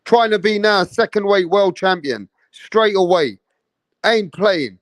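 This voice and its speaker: A man hosting a boxing channel, chatting casually on a live stream, shouting out viewers in slangy, emphatic talk. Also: sits high, lively intonation, unhurried, no echo.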